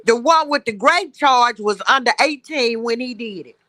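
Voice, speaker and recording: Woman calling into a gossip stream, real high bright voice, blunt and salty about it. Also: no echo. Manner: blunt, salty, fast storytelling. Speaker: guest caller. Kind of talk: casual gossip chat.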